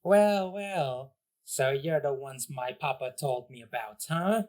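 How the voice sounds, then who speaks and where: A man's voice: medium pitch, slow, darkish tone, close to an everyday voice. A man voicing a small, bratty young turtle villain who is cocky and sneering.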